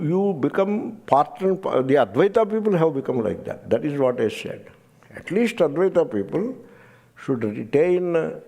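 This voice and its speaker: A swami, an older man with an Indian English accent, recounts a story in a satsang on Vedanta. His medium-pitched voice has a warm tone, and he punctuates the telling with emphasis and frequent chuckles.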